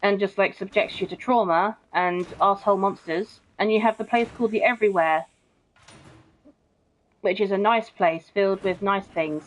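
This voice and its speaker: A woman's voice: mid-range voice, normal speed. Chatty woman streaming a game. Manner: chatty and blunt, swears often, keeps saying bro. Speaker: gaming streamer. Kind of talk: casual live gameplay chat, reading viewer comments. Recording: muffled, dull stream audio.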